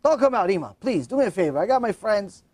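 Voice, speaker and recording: A man's voice: high-pitched, big pitch swings, fast talker, darkish tone, dry recording. A man voicing an embarrassed grown son who begs insistently. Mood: pleading. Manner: pleading, insistent.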